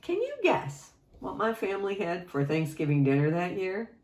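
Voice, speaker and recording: A woman music teacher telling a story to children, expressive and playful, asking her listeners questions. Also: fairly low pitch, normal speed. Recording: echoey room.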